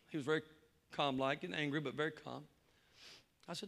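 A man preaching a sermon to a congregation, worked up and excitable. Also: fairly high pitch, quick pace, gravelly, long pauses, big-room sound. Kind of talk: sermon with storytelling. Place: church before a congregation.

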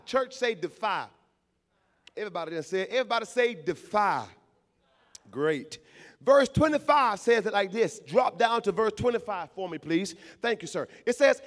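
A man with a strikingly high voice preaches to his congregation. He speaks emphatically, doubles back on his words, and urges the room to answer him. His voice rings with a long echo through the church sanctuary. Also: lively intonation, normal speed. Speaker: pastor. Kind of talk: sermon. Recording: long hall reverb in a church.

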